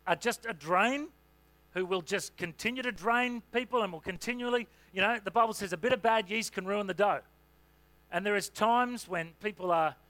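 A man who is a senior pastor, preaching a sermon in a relaxed, conversational way with lots of "you know" fillers. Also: high voice.

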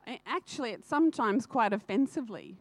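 A woman's voice: fairly high pitch, lively intonation, fairly quick, no echo. A woman giving an earnest personal testimony in church, often laughing and speaking straight to the congregation.

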